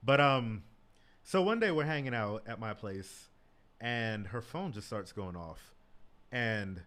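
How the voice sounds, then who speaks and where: A man's voice: fairly low pitch, lively intonation, slow pace, fairly bright tone. A man in his thirties telling stories as a guest in a casual chat. He swears freely and often says "like" and "bro". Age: 30s.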